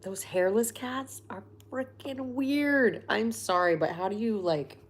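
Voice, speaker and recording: A woman's voice: mid-range voice, measured pace, husky. A woman in her forties hosting a casual livestream, chatting with viewers in a loose, filler-heavy way. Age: 40s. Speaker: livestream host.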